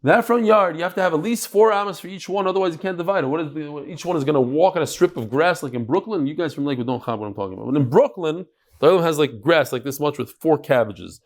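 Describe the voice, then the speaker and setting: A man teaching a Talmud class in a lively, chatty lecturing style, mixing in Hebrew and Yiddish terms. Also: a little high, fast.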